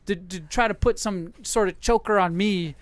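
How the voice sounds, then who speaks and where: A man's voice: sits high, moderate pace, no room sound. A middle-aged man hosting a podcast, telling stories in a profane, casual rant. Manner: profane storytelling. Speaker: podcast host. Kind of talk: casual ranting chat.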